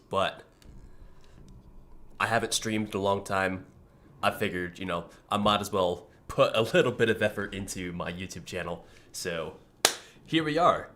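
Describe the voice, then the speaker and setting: A man's voice: sits low, a little hiss or hum. Groggy man casually chatting on stream. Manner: relaxed and rambling, frequent throat clearing. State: groggy morning voice. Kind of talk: casual live-stream chat.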